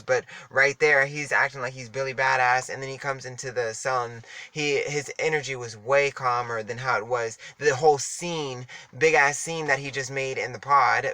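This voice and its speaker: A man's voice: medium pitch, sharp tone. A young man telling a candid story in a casual, chatty monologue, with sassy asides and frequent laughs. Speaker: vlogger.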